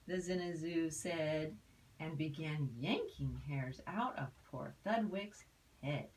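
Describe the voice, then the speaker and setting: Older lady reading a picture book, slow and sing-song, mic a bit far. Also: deep voice, darkish tone. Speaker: storyteller.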